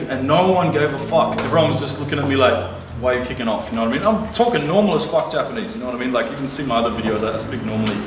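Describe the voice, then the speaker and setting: A man vlogging to camera, retelling a confrontation bluntly and with plenty of swearing. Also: medium pitch. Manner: blunt, profane, heated retelling. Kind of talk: casual storytelling to camera. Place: lives abroad. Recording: roomy, distant mic with faint noise.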